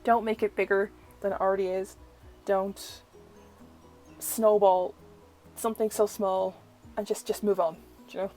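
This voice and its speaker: A woman's voice: mid-range voice, little pitch movement, measured pace, long pauses, warm tone, soft background music, rough recording. A young woman tarot reader, chatting through a first look at an oracle deck and filling her talk with "like". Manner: chatty, uses "like" a lot; gushing, easily delighted.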